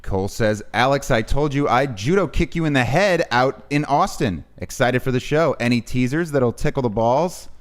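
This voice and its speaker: A man's voice: mid-range voice, expressive, moderate pace, few pauses. A man co-hosting a live stream, reading viewer messages aloud in a dry, casual way. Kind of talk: casual livestream chat.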